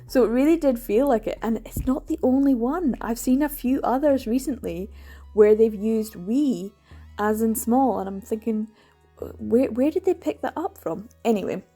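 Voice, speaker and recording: Scottish woman, book vlogger, warm mellow tone, enthusiastic casual chat. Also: medium pitch. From Scotland. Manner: chatty and enthusiastic, laughs often.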